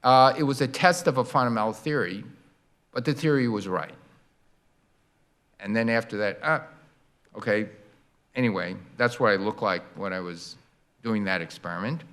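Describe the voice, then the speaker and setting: An older man in his sixties giving a public science lecture as a guest lecturer, animated and acting out sound effects to explain ideas. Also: on the low side, moderate pace, pauses often. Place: lecture hall.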